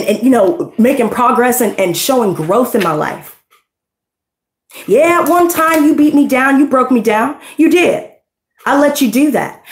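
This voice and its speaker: A woman's voice: fairly high pitch, reverberant. A woman giving a tarot reading, ranting bluntly and heatedly with lots of profanity. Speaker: tarot reader. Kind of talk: unscripted tarot reading rant.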